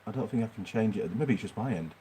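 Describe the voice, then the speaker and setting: A man's voice: fairly low pitch, expressive, fast, warm tone, slightly rough. A middle-aged man with a Yorkshire accent, hosting a rambling livestream Q&A from his workshop. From Yorkshire, England. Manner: chatty, rambling, answers viewer questions. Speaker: mechanic channel host. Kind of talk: livestream Q&A chat.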